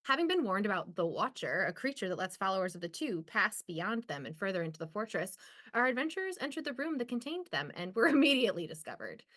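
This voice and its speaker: A playful woman with a bright, mid-pitched voice chats and jokes with her fellow players. She stumbles over her words and laughs them off. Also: very animated, fast. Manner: playful, laughing, tongue-tangled. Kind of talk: casual chat and read recap.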